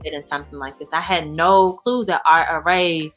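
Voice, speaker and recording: A woman speaking as an interview guest in a candid, animated way, full of "you know" and "like". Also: low voice, moderate pace, faint music behind. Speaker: guest, founder of a support organization. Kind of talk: casual interview chat.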